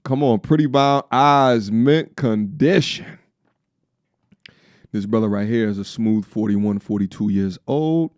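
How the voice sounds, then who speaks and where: A man's voice: fairly low pitch, unhurried, a little mellow, no room sound, studio quality. A man from Long Island in his thirties with a faint New York accent, chatting loosely and jokingly as he reacts to a video on stream. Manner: loose, joking, slangy, breaks into song. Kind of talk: casual reaction-stream chat.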